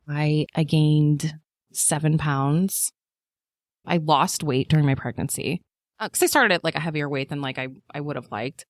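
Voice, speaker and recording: A woman in her thirties, a podcast guest telling her birth story in a chatty way, with lots of fillers and lively quoting of people. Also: deep voice, dry recording, clean studio sound. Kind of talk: casual chat.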